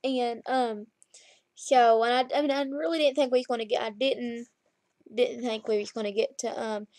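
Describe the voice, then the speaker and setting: A young woman in her twenties tells a long story in a loose, rambling way to her laptop camera while lying down at home. Her voice sits a bit high for a woman. The sound is close and dry, with no room echo. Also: steady tone, moderate pace, a little mellow. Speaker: vlogger. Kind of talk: casual chat to camera. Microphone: laptop webcam.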